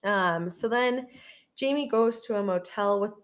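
A woman's voice: mid-range voice, unhurried. A young woman co-hosts a casual podcast, retelling a film's plot in a rambling, giggly way. She laughs often and drops the odd curse word, keeping the chat loose and informal. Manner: giggly, rambling, sprinkled with swearing. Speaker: podcast co-host. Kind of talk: casual chat recapping a film.

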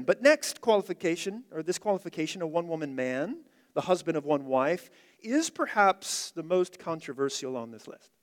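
Male pastor, slightly high voice, emphatic sermon delivery, long hall reverb. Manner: emphatic, repeats key phrases, swings from loud to quiet. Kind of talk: expository sermon.

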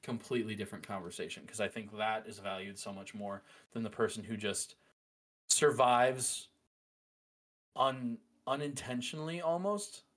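A man's voice: on the low side, normal speed. Chatty opinionated male podcast host. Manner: animated, opinionated, frequent "like" and "um". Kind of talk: casual chat.

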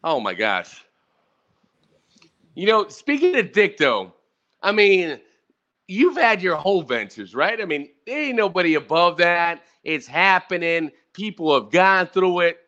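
A man's voice: sits high, lively intonation, unhurried, pushed and bright. A man in his thirties hosting a casual podcast chat, ranting and swearing while talking straight to the audience. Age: 30s. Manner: profane, ranting, talks to the audience. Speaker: podcast host. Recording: dull lo-fi audio.

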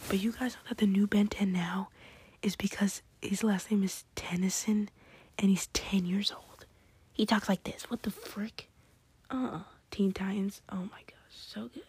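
A woman chatting excitedly in a hushed, whispery late-night ramble at home, trying not to be heard. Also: mid-range voice, moderate pace, husky, no room sound. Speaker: podcast host.

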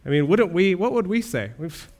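A man's voice: sits high, big pitch swings, normal speed, darkish tone. A man pastor preaching a sermon, earnest, with rhetorical questions and rising swells of emphasis.

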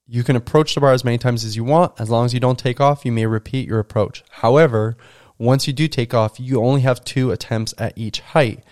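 A man's voice: medium pitch, a little fast, darkish tone, dry recording, studio quality. A man hosting a podcast, telling a story from his coaching days in a casual, conversational way with lots of fillers. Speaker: podcast host and school coach.

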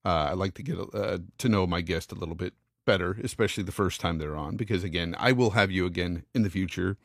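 A man's voice: sits low, fast talker, vocal fry, no room sound, studio quality. A man in his fifties hosting a podcast, speaking casually with many fillers. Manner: friendly, hesitant with many fillers. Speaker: podcast host. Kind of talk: casual interview chat.

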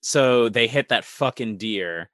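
A man's voice: mid-range voice, slow pace, fairly bright tone, dry recording. A man co-hosting a casual movie review podcast, laid-back and quoting scenes as he talks. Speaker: podcast co-host.

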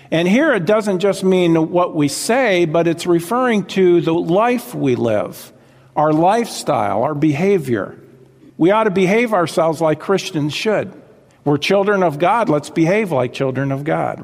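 Pastor guy preaching, kinda high voice, keeps saying listen folks, long echo in the church. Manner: exhorting, addresses congregation directly with "listen" and "folks". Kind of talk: sermon. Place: church sanctuary with congregation. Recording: long hall reverb.

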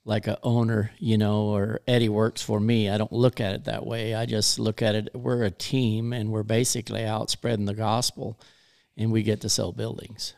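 Gravelly, low-voiced man speaking frankly. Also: little pitch movement, moderate pace, darkish tone. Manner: frank and plain-spoken, thinks aloud with restarts. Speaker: business owner. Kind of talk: faith podcast conversation. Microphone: podcast microphone.

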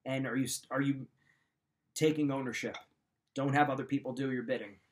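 This man hosts a show, and his voice is medium in pitch, steady, and slightly quick. His motivational advice comes across as direct and emphatic, with the same points stated more than once.

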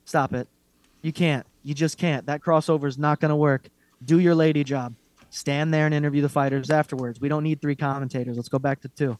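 Male podcast co-host, slightly high voice, dry close sound, blunt and mocking rants, profane. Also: steady tone, brisk, a little mellow, no room sound. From Irish heritage. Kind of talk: casual MMA chat.

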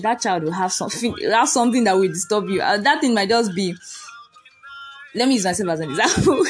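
A woman's voice: medium pitch, rough recording. A woman giving a faith-based motivational talk, emphatic and commanding, repeating her points and laughing often.

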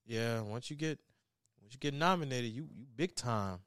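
A man's voice: mid-range voice, normal speed, fairly bright tone, dry recording, studio quality. A young man casually reviewing a short film in a rambling way, with restarts, swearing and laughs. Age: young adult. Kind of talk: casual chat.

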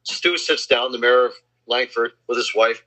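A man in casual chat, telling boastful anecdotes and acting out the quotes in a husky voice. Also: medium pitch, normal speed, pushed and bright. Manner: boastful name-dropping anecdotes, acts out quotes. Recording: slightly dull lo-fi sound.

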